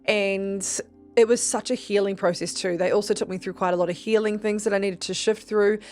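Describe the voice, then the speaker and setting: A woman's voice: mid-range voice, fairly even intonation, brisk, darkish tone. A young Australian woman hosting a podcast, telling a personal story in a chatty, swearing way and acting out the voices she quotes. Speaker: podcast host. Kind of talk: casual storytelling monologue.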